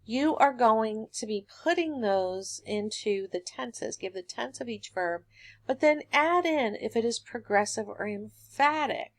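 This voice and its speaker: A woman's voice: a little high, unhurried. Woman teaching a grammar lesson. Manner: patient, explanatory, steady classroom pacing.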